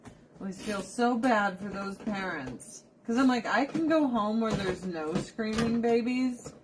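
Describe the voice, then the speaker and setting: A woman's voice: a little high, animated, a little slow, a little hiss or hum. A woman in her thirties chatting casually, ranting bluntly with lots of swearing and mocking impressions. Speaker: vlogger. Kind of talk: casual chat.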